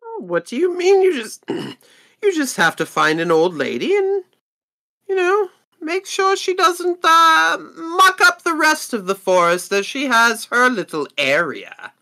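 A woman's voice: high voice, sing-song, unhurried, bright, forceful tone, voice pushed up, exaggerated voice. A man voicing a haughty female merchant in a tabletop game, talking in a prim, evasive way with fussy restarts. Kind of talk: tabletop role-play.

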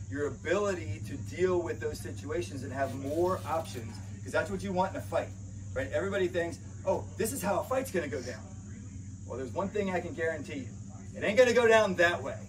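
A man's voice: on the high side, brisk. A man who trains protection dogs and hosts a podcast, explaining defense in an emphatic, casual teaching style and often checking in with "right?". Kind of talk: casual instructional talk. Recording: slightly distant mic, faint background noise.

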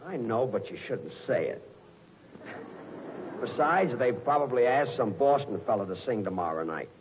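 A man in 1940s radio comedy acting, a dry, deadpan straight man who talk-sings his songs in a croaky way. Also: medium pitch, moderate pace, slight background noise. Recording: tinny lo-fi 1940s radio recording.

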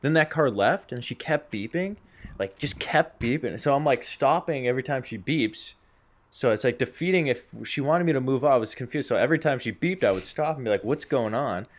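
A young man with a mid-range voice co-hosts a podcast, talking briskly with lively intonation. He tells crude, rambling stories, laughs often, and acts out both sides of conversations in casual banter.

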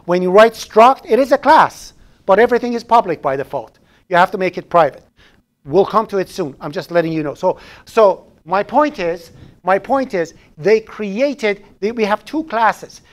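A programming instructor leads a live classroom lesson in a high-pitched, animated voice at a moderate pace, talking casually, restarting phrases often and slipping in jokes along the way.

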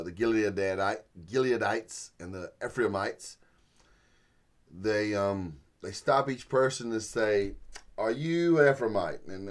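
A man teaching through a Bible passage in a folksy, animated storytelling way, chuckling as he goes. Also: lowish voice. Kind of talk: sermon-style Bible teaching.

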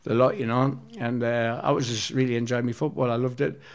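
A man's voice: medium pitch, flat delivery. Rambling, foul-mouthed man telling stories. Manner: rambling, heavy swearing, quick restarts. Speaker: interview guest. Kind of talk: casual anecdotal storytelling.

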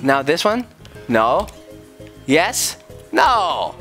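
A playful father chatting through a video game with his son in a fairly high, animated voice. He jokes, teases, and jumps into sudden squeals when things go wrong, while soft game music plays underneath. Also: very slow. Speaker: gaming video host, father. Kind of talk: casual gameplay commentary with his son.

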